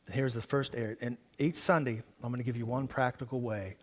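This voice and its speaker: A male pastor preaching to his congregation in a church service. His delivery is conversational and engaging, with many questions thrown out to the crowd. His voice sits at an ordinary middle pitch. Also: a little fast, a little hiss or hum. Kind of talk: sermon.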